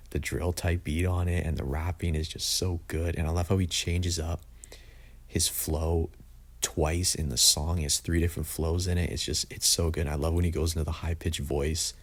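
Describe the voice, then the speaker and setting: Young man with a low husky voice. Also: steady tone, moderate pace. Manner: opinionated, blunt, says "like" often. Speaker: music reviewer. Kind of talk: casual album ranking review.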